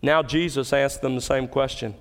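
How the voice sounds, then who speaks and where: A man's voice: mid-range voice, fairly even intonation, normal speed. Preaching man in a reverberant hall. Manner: emphatic, rising to stress key words. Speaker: pastor. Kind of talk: expository sermon.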